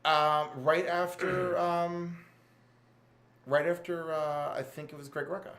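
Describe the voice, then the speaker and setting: High-voiced, gushing man. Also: slow. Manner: animated and gushing. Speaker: podcast co-host. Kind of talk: casual chat.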